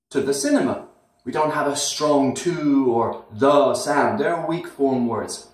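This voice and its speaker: A man teaching English pronunciation, who repeats words and phrases slowly to demonstrate how they sound. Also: mid-range voice. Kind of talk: slow, deliberate teaching. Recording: very echoey room, somewhat far from the mic.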